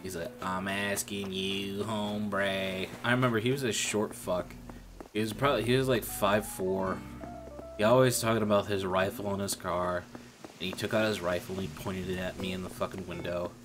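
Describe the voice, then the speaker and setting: A man's voice: low voice, fairly even intonation, fairly quick. A young man telling a rambling, profane story about an old coworker in a casual stream chat. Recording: music playing behind.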